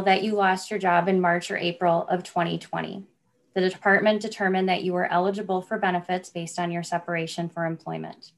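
A woman, an attorney for a state agency, giving a formal and persuasive appellate argument. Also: fairly low pitch. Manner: formal, persuasive, asks listeners to imagine cases. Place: courtroom.

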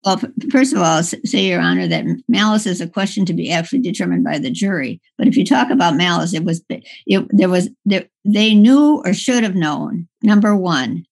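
A woman attorney making an impassioned oral argument before a court, halting and restarting often. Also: lowish voice, very animated, darkish tone. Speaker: appellate attorney.

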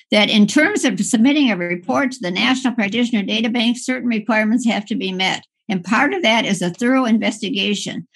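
A woman attorney making an impassioned oral argument before a court, halting and restarting often. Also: fairly high pitch, vocal fry, slightly rough. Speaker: appellate attorney.

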